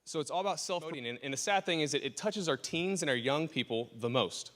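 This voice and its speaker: A man's voice: on the high side, animated, quick pace, fairly bright tone. Joking man preaching in an echoing church. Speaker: pastor. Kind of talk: casual sermon. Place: church sanctuary. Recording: church hall reverb.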